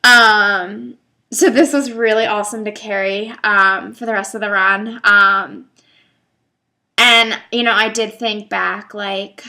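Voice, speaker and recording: A young woman speaks to her viewers in a bright, forward voice. She rambles and hesitates, leaning on fillers as she goes, in a loose, unscripted vlog manner. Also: mid-range voice, steady tone, unhurried. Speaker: vlogger. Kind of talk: casual talk to camera.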